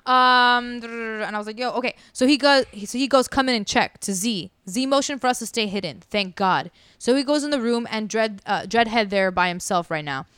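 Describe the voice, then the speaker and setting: A woman's voice: a little high, normal speed, hardly any pauses, clear, resonant tone, dry recording, clean studio sound. A woman telling a story casually and animatedly, acting out what people said. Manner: animated, acts out quotes. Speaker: podcast storyteller.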